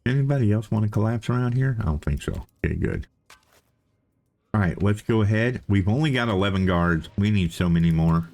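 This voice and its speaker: Fairly quick, with lively intonation and a lowish, darkish voice, a let's play host chats casually through his game. He talks to himself playfully, thinking aloud and repeating things.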